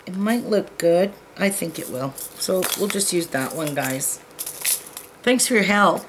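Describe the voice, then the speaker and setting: Sorting beads for a casual tutorial, this woman talks to her viewers and makes jokes at her own expense. Her voice is fairly low and expressive, she speaks slowly, and there's noise behind her.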